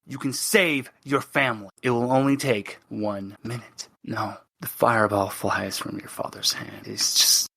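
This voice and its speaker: A man's voice: on the low side, steady tone, unhurried, vocal fry, few pauses, fairly bright tone, slightly rough. A man narrating a tabletop game as game master, speaking dramatically to the player and often dropping to a whisper.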